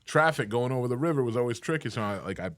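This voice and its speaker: A man hosting a podcast, chatting casually with brash, profane, animated storytelling. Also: medium pitch, very fast, no echo, studio quality. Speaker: podcast host. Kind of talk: casual chat.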